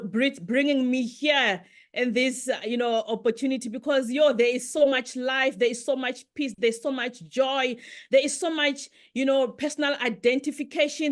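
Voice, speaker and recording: Loud, fervent woman. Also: fairly high pitch. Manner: loud, excitable, preacher-like fervor. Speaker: guest speaker. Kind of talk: motivational business presentation. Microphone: video call.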